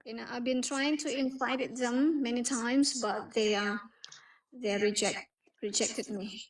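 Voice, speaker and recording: A woman's voice: fairly high pitch, fairly even intonation, unhurried, low-quality recording. A woman co-hosting a casual livestream chat in a matter-of-fact, agreeable way. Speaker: livestream co-host.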